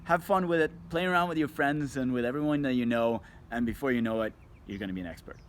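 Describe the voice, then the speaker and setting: Male video coach at a middle pitch, expressive emphasis, slight background noise. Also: fast talker. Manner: expressive, shifts emphasis and tone to demonstrate. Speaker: communication coach. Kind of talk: scripted video talk to camera.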